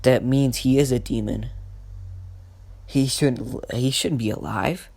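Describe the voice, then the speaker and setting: Spiteful, scornful villagers, as a man voices them in a fan story. The delivery sneers and drags slowly. A gravelly rasp sits under each line. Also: medium pitch, fairly even intonation, a little mellow, dry recording, exaggerated voice. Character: hostile village adults, cruel and scornful.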